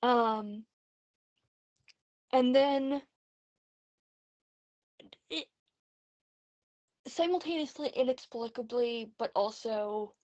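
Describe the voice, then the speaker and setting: A woman's voice: fairly high pitch, drawn-out words, long pauses, a little mellow, no echo, dull audio. A woman chatting casually in a voice message about books she is reading, talking in an earnest, rambling, hesitant way. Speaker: book vlogger. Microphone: phone voice messaging app.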